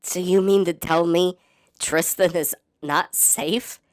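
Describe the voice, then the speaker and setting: A man's voice: high-pitched, steady tone, slow. A man voicing a dramatic, easily flustered old woman in an improvised comedy role-play. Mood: distraught. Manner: melodramatic, wailing, sobbing outbursts.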